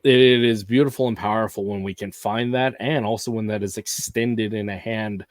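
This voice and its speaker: A man's voice: fairly low pitch, steady tone, normal speed, dry recording, studio quality. A man hosting a casual podcast conversation, speaking in a reflective, heartfelt way. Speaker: podcast host.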